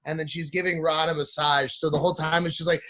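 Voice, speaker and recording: A man in a slightly raised voice tells a crude comic story, jumping into other people's lines as he goes. His delivery is animated and full of swearing. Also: a little high, fast talker, very noisy. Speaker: podcast guest.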